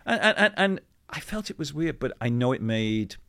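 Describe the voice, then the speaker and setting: A middle-aged man, a guest in an interview, telling anecdotes in a chatty, animated way with many asides. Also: mid-range voice, brisk. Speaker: interview guest, former football club CEO. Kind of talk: conversational storytelling.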